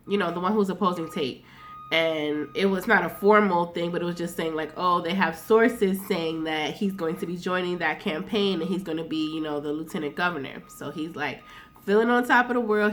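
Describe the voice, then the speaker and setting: A woman's voice: lowish voice, moderate pace, slight background noise. Chatty, slangy woman recapping a show. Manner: loose and chatty, full of fillers and slang, swears freely. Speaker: TV recap vlogger. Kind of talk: casual episode recap.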